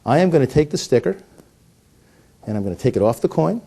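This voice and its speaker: A man's voice: mid-range voice, big pitch swings, fast, creaky, warm tone, husky. A middle-aged man performing coin magic with jokey patter, then explaining the trick, often restarting his words. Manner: joking, punny, stammers and restarts. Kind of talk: comedic magic patter and teaching.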